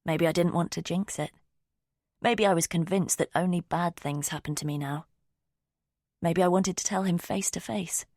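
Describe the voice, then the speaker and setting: A woman narrating a novel in the first person, measured and intimate. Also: on the low side, fairly even intonation, a little mellow, no room sound, studio quality. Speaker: audiobook narrator.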